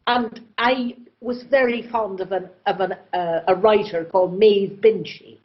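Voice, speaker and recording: Brief: expressive English actress, medium pitch, slightly muffled sound. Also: female voice, measured pace. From England, born in Oxford. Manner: theatrical, expressive, mimics voices freely. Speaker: actress, festival guest. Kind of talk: conversational interview.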